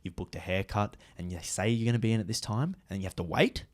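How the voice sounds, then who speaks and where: Low-voiced young Australian man. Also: fast. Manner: storytelling, emphatic complaining. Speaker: podcast co-host. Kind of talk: casual chat.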